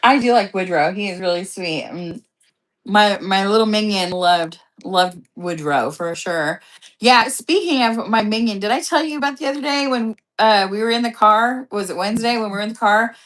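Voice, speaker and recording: A woman's voice: medium pitch, normal speed, a bit bright. A woman hosting a vlog in casual chat, rambling and swearing freely as she tells stories. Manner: rambling, profane, chatty. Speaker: vlog host.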